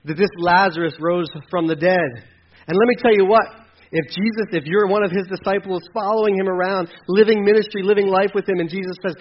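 High-voiced man preaching with passion. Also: steady tone, brisk, lo-fi sound, slight background noise. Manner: impassioned, acts out voices from the scripture. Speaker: pastor. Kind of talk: sermon.

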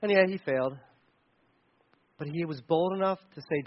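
A man with a fairly high voice preaches in a loose, conversational style, slipping into playful asides along the way. The recording sounds a little dull and lo-fi. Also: moderate pace. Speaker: pastor. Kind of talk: sermon.

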